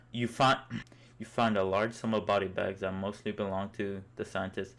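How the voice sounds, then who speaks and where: A young man narrating a comic story in the second person, in an amused, mock-epic way. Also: on the low side.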